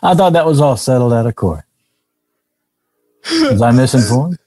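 A man's voice: medium pitch, big pitch swings, normal speed, a loud crowd, natural voice. A man playing a smarmy, dismissive game-show host in an improv comedy scene. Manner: brushing people off, breezy.

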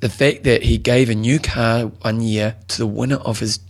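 Gravelly man hosting casual triathlon talk. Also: mid-range voice, steady tone, moderate pace. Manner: jokey, banters and reads a listener tribute. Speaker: podcast co-host. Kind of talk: casual chat.

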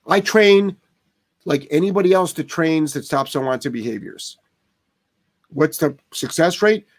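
A man's voice: on the high side, measured pace. A man who trains dogs, answering viewer questions live in a blunt, profane way that heats up into rants. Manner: blunt, swears often, heated rants.

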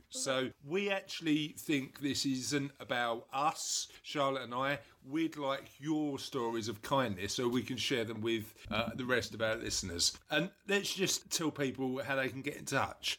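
A man's voice: mid-range voice, fairly bright tone. A man co-hosting a casual podcast, upbeat and chatty, often repeating his phrases. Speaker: podcast co-host. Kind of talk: casual chat.

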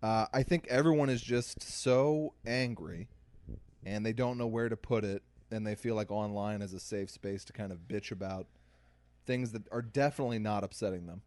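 A man's voice: fairly low pitch, moderate pace, a little mellow, no room sound. A man hosting a podcast, chatting casually and telling anecdotes in a conversational way. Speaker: podcast host. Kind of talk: casual chat.

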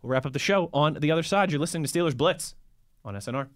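A man hosting a sports talk show, upbeat and smooth, reading segment cues and listener questions. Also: on the high side, rapid-fire.

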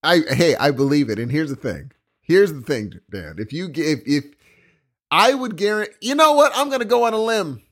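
A man co-hosting a podcast in casual chat, excitable and emphatic. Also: fairly high pitch, moderate pace. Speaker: podcast co-host.

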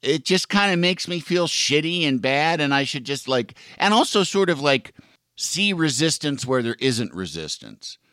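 A man's voice: on the high side, big pitch swings, normal speed, bright, forceful tone, dry recording, clean studio sound. A man hosting a casual interview, rambling through his questions with plenty of fillers. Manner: rambling, full of fillers like "you know". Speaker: podcast host.

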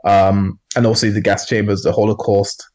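A man's voice: lowish voice, little pitch movement, brisk, darkish tone. A man co-hosting a casual podcast discussion, talking in a rambling way with many fillers and restarts. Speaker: podcast co-host.

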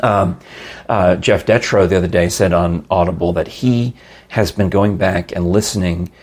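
A man hosting a podcast, chatting casually and rambling, with easy laughs and a husky, gravelly voice. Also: low voice, fairly even intonation, normal speed, a little mellow. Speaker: podcast host. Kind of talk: casual chat with ad read.

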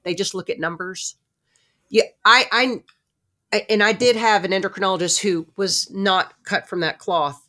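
A woman in her late fifties from Newark with a New Jersey accent, hosting a casual podcast conversation and telling her stories in an outspoken, animated way. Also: medium pitch, moderate pace. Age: late 50s. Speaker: host.

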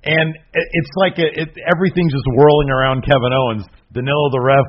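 A man co-hosting a wrestling podcast in a casual chat, excitable and laughing often. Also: medium pitch, quick pace, lo-fi sound. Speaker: podcast co-host.

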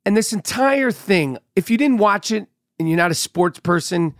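A middle-aged man hosting a podcast, telling stories in an animated, profane way while sounding a bit sick and congested. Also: sits high, moderate pace, no echo, clean studio sound. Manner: animated storyteller, swears freely. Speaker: podcast host. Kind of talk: casual monologue.

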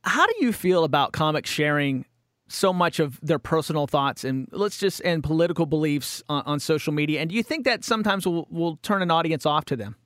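A man's voice: fairly high pitch, lively intonation, fairly quick, a bit bright, dry recording, clean studio sound. A man hosting an interview, reacting briefly and then asking a question. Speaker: podcast host.

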